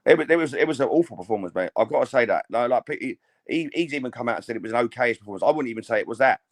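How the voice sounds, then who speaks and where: A man's voice: medium pitch, animated, racing. A man co-hosting a casual boxing podcast, chatty, often stammering and restarting his sentences. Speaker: podcast co-host.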